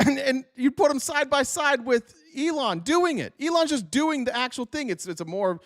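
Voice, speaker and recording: A man's voice: very high voice, expressive, moderate pace, no echo, clean studio sound. A man hosting a political commentary show, talking bluntly and sarcastically with frequent swearing.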